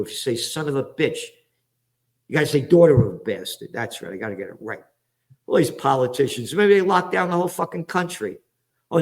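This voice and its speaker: A man from the Bronx, hosting ranting political commentary in a profane, sarcastic, heated way, jumping from topic to topic. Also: mid-range voice. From the Bronx, New York. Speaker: commentator and host.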